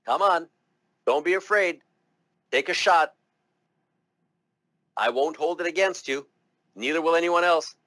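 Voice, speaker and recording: A man's voice: a little high, unhurried, pauses often, pushed and bright, dry recording. A man teaching medical terminology to a class, chatty and encouraging, coaxing students to try the words aloud. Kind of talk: classroom lecture.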